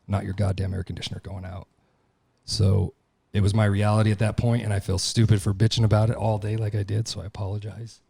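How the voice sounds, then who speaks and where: A man with a low, mellow voice gives a blunt, profane, confessional monologue as a podcast host. His voice sounds dry and close, with no room echo behind it. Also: gravelly, slightly rough. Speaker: podcast host and tattoo shop owner. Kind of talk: candid monologue.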